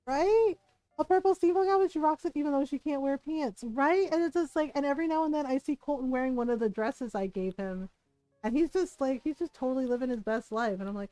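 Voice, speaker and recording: A woman game streamer chats casually and animatedly while she plays, laughing a lot and swearing freely. Her voice sits a touch high and is recorded close and dry on a desk mic. Faint game music plays underneath. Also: expressive, moderate pace, mellow, dry recording, low-quality recording. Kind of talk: casual gaming stream chat.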